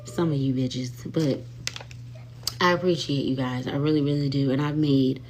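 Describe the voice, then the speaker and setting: A woman's voice: a bass voice, fairly even intonation, normal speed, background noise. A woman hosting a casual livestream, chatty and sassy, who often calls her viewers y'all and honey. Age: adult with children. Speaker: livestream host. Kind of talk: casual live-stream chat.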